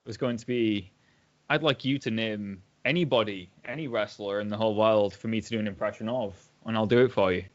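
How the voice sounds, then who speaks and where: A man's voice: fairly low pitch, a little fast, lo-fi sound. A man from Hull, a guest in a casual interview, joking and self-deprecating. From Hull, England.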